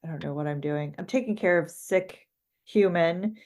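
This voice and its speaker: A woman's voice: on the low side, moderate pace, a little mellow. A woman co-hosting a podcast, talking in hesitant, filler-heavy casual chat and laughing often. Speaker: podcast co-host.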